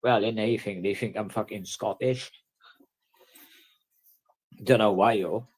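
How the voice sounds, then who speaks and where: A man's voice: on the low side, measured pace, slightly rough. A man from the in a casual vlog, ranting bluntly and swearing heavily. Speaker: vlogger.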